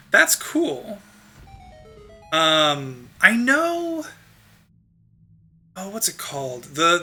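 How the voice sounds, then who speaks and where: A man's voice: fairly high pitch, pushed and bright. A man streaming a video game, chatting casually and answering chat in a rambling way with frequent ums.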